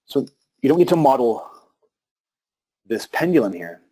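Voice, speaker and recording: A man giving a live talk to an audience about meditation and breathing, speaking calmly with pauses and restarts. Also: mid-range voice, breathy edge.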